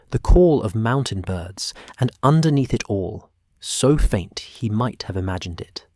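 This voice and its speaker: A man narrating a bedtime sleep story slowly and softly, sometimes dropping to a whisper. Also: on the low side, no room sound, studio quality. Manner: slow, soft, partly whispered.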